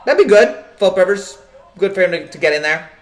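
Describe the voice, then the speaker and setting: Male sports-stream host, lively pitch, rambling banter, echoey room. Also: a little fast. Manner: rambling, joking, many restarts and fillers. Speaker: sports show host reading live chat. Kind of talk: casual live-stream chat.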